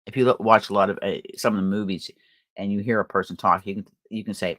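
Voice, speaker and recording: A woman's voice: extremely low pitch, steady tone, fast, no room sound. An older woman hosting a crafting livestream, chatting casually and rambling with fillers and laughter. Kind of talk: casual chat.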